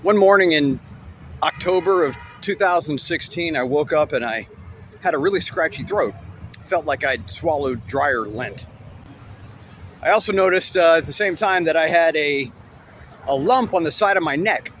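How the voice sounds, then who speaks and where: A man's voice: a little high, lively intonation, normal speed, a bit bright, a little hiss or hum. A man telling a personal story as a comic monologue, wry and self-mocking with jokey asides.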